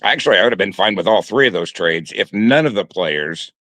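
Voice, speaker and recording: A man's voice: lowish voice, lively intonation, brisk, fairly bright tone, no room sound. A man co-hosting a sports talk show, talking casually and hesitantly with frequent restarts. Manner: hesitant, many restarts and fillers.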